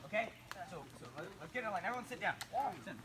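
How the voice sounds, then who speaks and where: A high-voiced man announces campfire skits and gives the group orders. He stumbles and repeats himself as he talks. Noise runs under the outdoor recording. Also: expressive, very fast. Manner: stumbling, bossy repetitions. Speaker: skit announcer and performer. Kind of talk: campfire skit.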